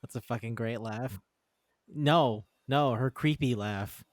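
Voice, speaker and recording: A man chatting casually about manga, excitable and quick to swear. He keeps slipping into characters' lines as he talks. His voice sounds close and dry, with no room around it. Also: mid-range voice, no echo. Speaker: podcast co-host. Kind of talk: casual chat reviewing manga.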